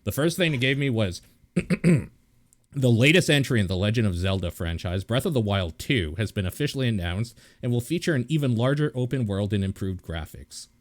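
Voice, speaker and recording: A man with a fairly low voice hosts a casual video game podcast. He reads listener questions aloud and laughs often as he chats. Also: animated, brisk. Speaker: podcast host. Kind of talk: casual chat.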